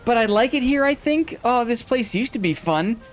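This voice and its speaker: A male streamer with a high, expressive voice chats casually while gaming and reading chat, rambling, cutting himself off, and laughing a lot. He talks at normal speed with soft music playing in the background.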